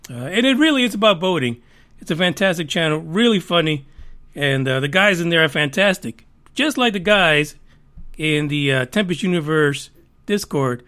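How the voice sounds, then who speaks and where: A man with a noticeably high voice chats on a live podcast stream. He rambles, jokes and swears freely, a little loose after a few drinks. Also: lively intonation, moderate pace, sharp tone. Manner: rambling, profane, joking. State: tipsy from drinking. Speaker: podcast host. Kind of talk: casual live-stream chat.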